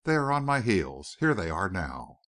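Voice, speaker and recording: Man voicing a wry newspaper reporter, articulate, low voice, lively pitch, dry sound. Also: normal speed, no room sound.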